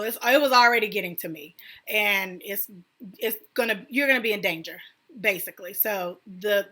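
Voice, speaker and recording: A young woman with a bright, clear-edged voice tells her own story in a loose, conversational way. She leans on "like" and "I was like," acting out what was said, at a middle pitch. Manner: conversational, many "like" and "I was like" quotes. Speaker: vlogger sharing a personal story. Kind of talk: casual personal storytelling.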